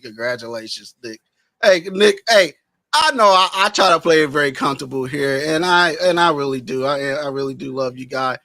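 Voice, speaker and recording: A man's voice: on the high side, fairly quick, sharp tone, no echo. A man emceeing a live roast, teasing and laughing as he talks over a video call. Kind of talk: live show banter.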